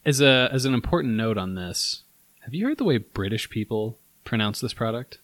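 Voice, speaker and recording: A man's voice: mid-range voice, lively intonation, moderate pace, fairly bright tone, no room sound. A man co-hosting a casual podcast chat, rambling and hesitant but candid. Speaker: podcast co-host.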